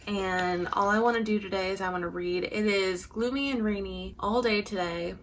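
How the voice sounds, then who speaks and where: A woman's voice: mid-range voice, steady tone, moderate pace, echoey room, a little hiss or hum. A woman vlogging casually about a book she is reading, chatty and gushing, often saying "like". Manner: gushing and chatty, frequent "like" fillers. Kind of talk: casual reading vlog chat.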